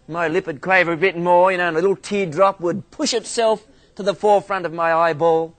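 A man's voice: high-pitched, fairly even intonation, a little fast, few pauses. A man from Australia with an Australian accent, a minister giving a theology lecture full of humorous, self-mocking stories.

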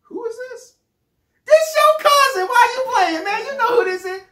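A man's voice: very high-pitched, expressive, moderate pace, sharp tone, voice pushed up, exaggerated voice. A man voicing an overeager adult male cousin who wheedles for money in street talk. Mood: wheedling. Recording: roomy echo.

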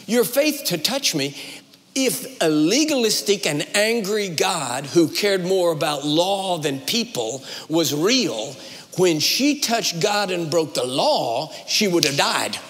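A man with a notably high-pitched voice delivers a sermon, pressing into emphatic, rising runs and then slowing down to let points land. His voice carries through a large hall with a long, lingering reverb. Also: fairly bright tone. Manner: dramatic preaching with rising emphatic runs and slowed pauses. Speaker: guest preacher.

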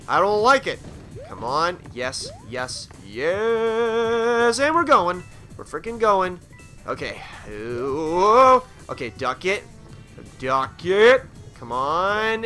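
A man commentating his own game play, excitable and prone to panicked, swearing outbursts while talking to the game character. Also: a little high. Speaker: gaming let's play host.

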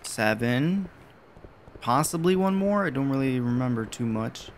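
A man's voice: medium pitch, lively intonation, measured pace, a little hiss or hum. Male gamer, casual let's-play commentary, swears a lot, jumps at scares. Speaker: gaming video creator.

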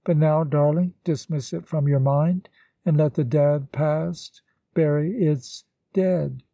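A man reading the lines of a grave, sorrowful gentleman in a storybook, in a measured and solemn way. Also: on the high side, fairly even intonation, gravelly, dry recording, exaggerated voice.

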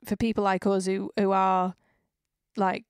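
A woman's voice: medium pitch, level tone, measured pace, clear, resonant tone, dry recording, studio quality. Chatty woman with a Northwest English accent. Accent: Northwest England, Cheshire. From England. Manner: chatty, rambling, swears casually. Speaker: podcast host. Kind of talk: casual interview chat.

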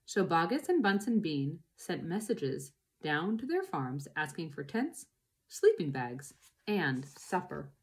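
A woman reading a children's book aloud, narrating in an expressive way. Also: sits low, takes it slowly. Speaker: reader.

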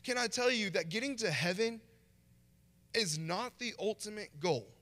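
A visiting pastor's high, expressive voice rings bright and forceful at a moderate pace as he preaches a conversational sermon in a church sanctuary. He dramatizes short quotes, and long reverb fills the church hall.

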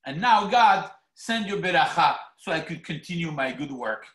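A man preaching a sermon as rabbi, animated and theatrical, acting out mock quotes. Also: on the high side, normal speed. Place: synagogue hall. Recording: echoey hall.

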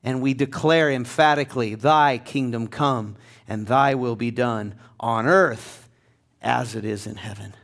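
A man pastor preaching a passionate sermon in a church, building to loud emphatic peaks. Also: medium pitch, measured pace, creaky. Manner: passionate, rising to near-shouting. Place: church sanctuary.

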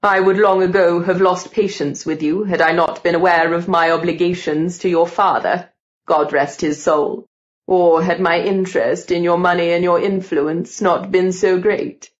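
A woman voicing an old aristocratic male count who talks in a slow, grand and theatrical way. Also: on the low side, fairly even intonation, highs cut off, natural voice. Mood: grandly scheming.

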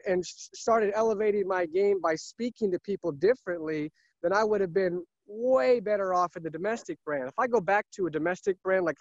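Male salesman, emphatic and repetitive, high-ish voice, dry lo-fi recording. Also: no echo. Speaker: car salesman. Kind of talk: casual interview talk.

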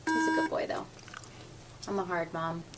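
A woman with a gravelly voice, giggly and defensive, talking back to an officer at a traffic stop. She is picked up by a body camera, and loud noise sits over her throughout. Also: fairly low pitch, sing-song, moderate pace. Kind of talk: unscripted exchange with police.

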